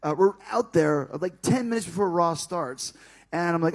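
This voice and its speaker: A man casually telling a backstage story, animated and profane, acting out the other people's lines. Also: high voice, moderate pace. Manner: animated and profane, acts out dialogue.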